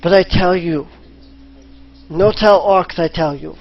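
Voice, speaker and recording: A gruff captive minotaur mangles his grammar in short, blunt phrases, as a man puts him on. He talks slowly in a slightly raised voice. The sound is muffled and lo-fi, with faint hiss behind. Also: high voice, full character voice. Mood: wary. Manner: speaks in broken caveman grammar. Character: gruff male minotaur captive, broken speech. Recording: lo-fi voice chat with faint noise.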